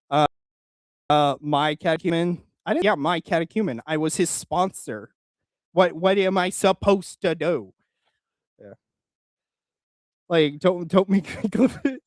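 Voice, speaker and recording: A man's voice: on the high side, no echo. A man hosting his channel in casual chat, rambling and joking with frequent laughs. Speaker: channel host.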